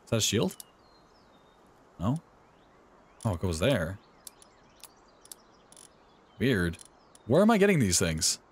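A young man streaming a video game live, talking excitedly to the characters on screen. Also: lowish voice, takes it slowly, long pauses, breathy edge. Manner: excitable, talks to the game's characters. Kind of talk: live gameplay commentary.

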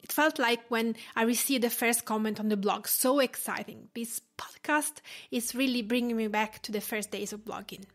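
A woman's voice: on the high side, fairly even intonation, normal speed, few pauses, fairly bright tone. A woman from Tuscany with an Italian accent, hosting a cooking podcast in careful, explanatory narration. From Tuscany, Italy. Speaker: podcast host and home cook.

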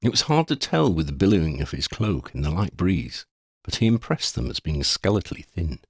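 A man narrating a fantasy audiobook in a measured, expressive way. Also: deep voice, vocal fry, slightly rough, dry recording, clean studio sound.

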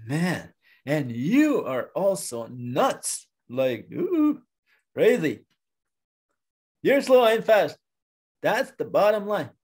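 A proud, fast bear laughs down at a slower creature, loud and teasing, his voice riding high, as a storyteller puts him on. He talks slowly and drawls his scorn. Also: wildly swooping pitch, breathy edge, full character voice. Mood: scornful. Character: boastful mocking male bear, fast and proud. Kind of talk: oral storytelling.

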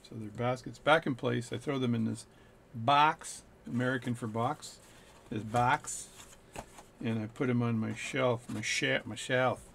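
A man's voice: mid-range voice, steady tone, moderate pace, vocal fry, fairly bright tone, slight background noise. A middle-aged man, a watchmaker, chatting and joking while giving a play-by-play of his work at the bench. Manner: chatty, joking, narrates as he works. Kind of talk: workbench play-by-play chat.

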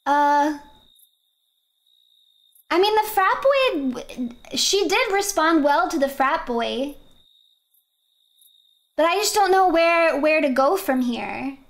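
A woman's voice: high voice, animated, slow pace, long pauses. A young woman streamer giving casual, rambling gameplay commentary, often breaking into giggles.

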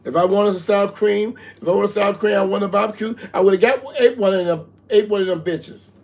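A man's voice: high-pitched, steady tone, a little fast, gravelly. A man in a comedy skit, stammering and repeating words as he launches into profane rants.

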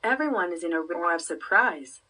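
Husky woman reading a story aloud. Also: fairly low pitch, animated, normal speed, pushed and bright. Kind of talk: reading a story with stage directions. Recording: voice from a distance.

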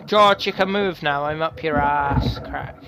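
A man's voice: a little high, a little slow. A drunk British man hosting a gameplay session, swearing and joking as he plays. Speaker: gaming channel host. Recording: loud background noise.

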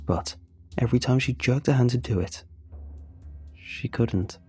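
A man reading a first-person horror story in a steady, measured storytelling voice. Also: mid-range voice, slightly rough, soft background music. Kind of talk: scripted horror narration.

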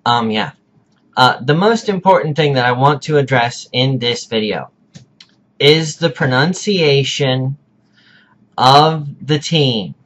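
Slow-talking deadpan man ranting. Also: mid-range voice. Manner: deadpan, exaggerated indignation, drawn-out pronunciations. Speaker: video host. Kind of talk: casual mock-serious vlog rant.

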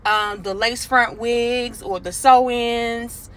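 A woman, hosting and telling a story to camera in an animated, casual way. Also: on the high side, takes it slowly. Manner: animated, acts out other people's voices in quotes. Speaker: commentary host.

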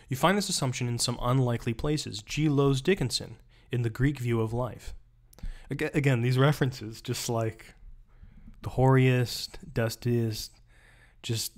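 A man's voice: mid-range voice, fairly even intonation, moderate pace. A man, a rhetoric professor, doing a live-streamed close reading, reading passages aloud and breaking off into wry, chatty asides.

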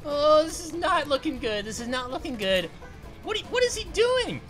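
Cartoon grape girl gamer host: goofy, excitable, giggly, with a high, lively voice and faint music behind. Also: moderate pace. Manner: giggly, punny, yelps at danger. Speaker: host of gaming videos. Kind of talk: animated let's-play commentary.

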